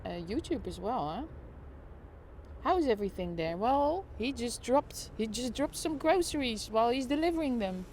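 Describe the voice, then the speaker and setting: A woman's voice: high-pitched, darkish tone, slight background noise. A middle-aged woman chatting playfully on a live stream from home, recorded on her phone, with giggles and mock sports commentary. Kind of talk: casual live-stream chat. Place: at home in an apartment during lockdown. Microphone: phone held while filming.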